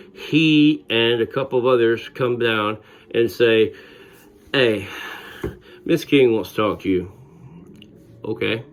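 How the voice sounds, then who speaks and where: A middle-aged man telling a childhood story in a wry, conversational way, chuckling now and then. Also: medium pitch. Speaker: vlogger. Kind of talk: personal storytelling.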